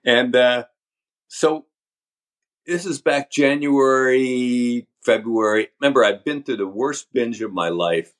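An older man, a podcast guest, telling his story candidly in a halting, talkative way. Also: mid-range voice. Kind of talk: storytelling interview.

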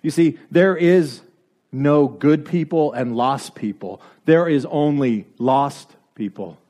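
A man's voice: on the high side, slow, dark tone. A man preaching a sermon, driving his points home with repeated rhetorical questions and building to emphatic peaks.

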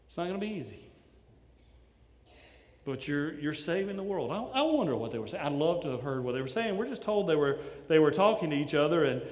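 A man with a high, light voice preaches a sermon, retelling the story in an easy, conversational way. He slips into the voices of the people he describes. His words ring out with the long echo of a large hall. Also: a bit bright, dull audio. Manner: conversational storytelling, acts out quoted lines. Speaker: pastor. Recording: echoey hall.

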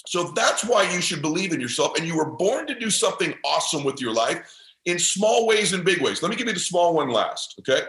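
A man's voice: a little high, big pitch swings, brisk, fairly bright tone. Podcast guest, man, intense heartfelt motivational storyteller, some room echo. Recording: roomy echo.

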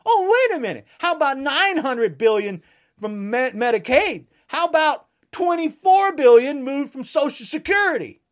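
Brief: heated woman ranting, high-pitched and swinging wildly, shouts now and then. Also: very animated, moderate pace. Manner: angry, ranting, at times shouting. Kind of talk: political rant.

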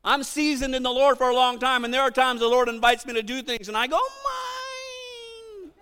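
A middle-aged man preaching a sermon, animated, acting out quotes and shouting for emphasis. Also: very high voice, quick pace, long reverb tail, background noise. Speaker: pastor.

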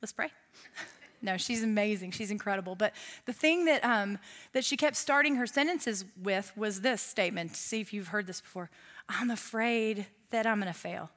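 A woman's voice: medium pitch, expressive, normal speed, fairly bright tone. A woman, giving a casual, humorous sermon with asides to the audience. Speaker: Bible teacher.

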